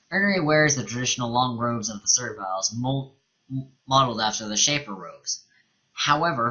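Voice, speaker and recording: A man's voice: medium pitch, bright, forceful tone, low-quality recording. A man casually commenting on a game he plays and reading its text aloud. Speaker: let's play host.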